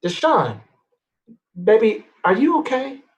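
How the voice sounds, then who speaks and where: A man voicing a loving, fussing mother of two boys who scolds and dotes loudly in a told story. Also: high-pitched, huge pitch swings, slow pace, pitched above the performer's own voice, heavily acted. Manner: loud, scolding, doting.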